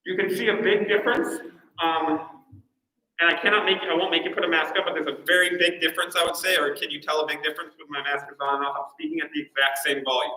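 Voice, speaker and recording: A man's voice: fairly high pitch, fairly even intonation, fast talker, bright, forceful tone, roomy sound, low-quality recording. A man teaching a class, giving chatty, encouraging instructions with lots of fillers.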